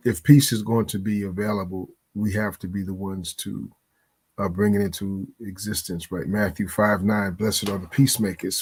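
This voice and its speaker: Man guest on a podcast, lowish voice, earnest, quotes bible verses, lots of uhs. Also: a little mellow, slightly rough. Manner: earnest, quotes scripture, halting with fillers. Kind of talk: interview answer.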